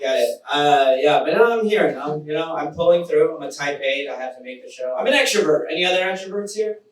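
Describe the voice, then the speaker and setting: Thirties male stand-up, high lively delivery, self-deprecating, live room sound from afar. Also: quick pace. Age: 30s. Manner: self-deprecating, animated, builds to shouted punchlines. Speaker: stand-up comedian. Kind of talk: stand-up comedy set. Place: small live venue with audience. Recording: echoey room, distant mic, audience noise.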